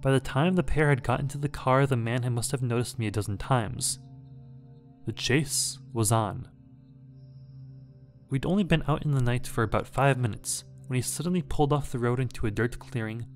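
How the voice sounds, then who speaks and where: A man reading a scary story aloud in a measured, dramatic way. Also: medium pitch. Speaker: horror story narrator. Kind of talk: scripted horror story narration.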